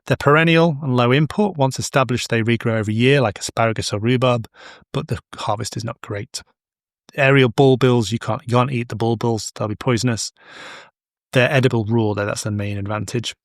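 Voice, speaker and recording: A man's voice: mid-range voice, steady tone, brisk, dry recording, studio quality. A middle-aged man hosting a casual educational podcast, chatty and digressive with anecdotes. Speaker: podcast host, horticulture expert.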